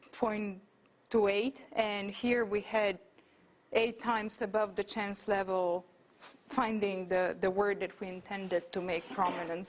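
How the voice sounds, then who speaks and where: A woman giving an academic lecture, explaining her research in a thinking-aloud way with frequent fillers and restarts. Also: mid-range voice. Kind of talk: academic talk with slides. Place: lecture room.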